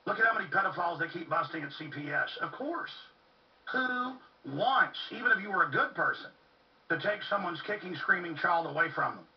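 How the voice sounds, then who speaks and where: Fervent gravelly man ranting from afar. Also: high voice, expressive, brisk. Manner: fervent, ranting, with urgent repetition. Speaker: talk radio host. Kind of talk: impassioned monologue. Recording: muffled, distant, lo-fi recording.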